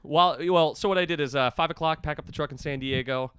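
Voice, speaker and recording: Fast-talking man telling a story. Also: a little high, clear, resonant tone. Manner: animated, acts out quoted dialogue. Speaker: guest, clinic staff member. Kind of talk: casual storytelling.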